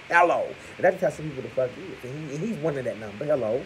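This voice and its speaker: A man giving crude, profane gossip commentary to his viewers, talking to them as "y'all" and punctuating points with loud exclamations. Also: fairly high pitch, fast talker, hardly any pauses, a little hiss or hum, rough recording. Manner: animated, crude, keeps calling out "Hello!". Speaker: vlogger.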